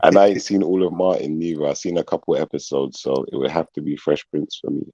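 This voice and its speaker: A man's voice: a bass voice, fairly even intonation, fast, mellow, no room sound, lo-fi sound. A man from England chatting casually on a panel, rambling and laughing often.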